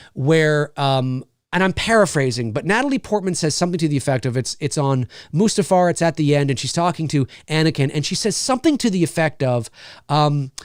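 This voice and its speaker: A man reviews a film off the cuff, thinking aloud and restarting his sentences as he goes. His voice sits a little high and swings lively up and down. The sound is dry and close. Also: no room sound. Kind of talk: unscripted spoken film review.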